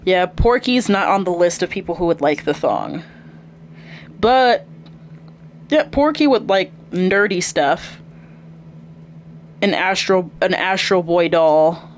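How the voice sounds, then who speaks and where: A woman's voice: lowish voice, slow pace, long pauses, a little hiss or hum. A woman casually commentating while streaming a video game, chatty and thinking aloud.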